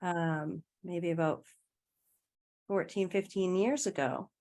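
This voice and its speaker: A woman's voice: lowish voice, steady tone, slow, darkish tone, slight background noise. A woman guest in a casual conversation, telling a personal story in a chatty way, often laughing and trailing off mid-sentence.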